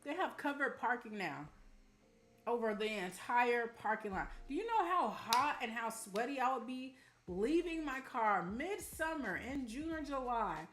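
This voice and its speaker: A young woman from Arizona chatting casually with her live-stream audience, telling animated stories and calling them y'all. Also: fairly high pitch, unhurried. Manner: chatty, animated storytelling, addresses chat as y'all. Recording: roomy room with faint music.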